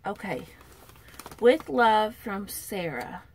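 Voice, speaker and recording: A woman chatting to camera in a casual vlog, opening packages. She is still unwell and recovering, and talks in an emotional, tearful, softly thankful way. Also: mid-range voice, big pitch swings, slow, a little hiss or hum. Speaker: vlogger opening viewer packages.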